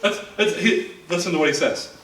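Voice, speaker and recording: Earnest high-voiced male pastor preaching. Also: moderate pace, fairly bright tone. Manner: earnest, repeats words as he builds. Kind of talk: sermon. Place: church sanctuary. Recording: echoey church hall from far off.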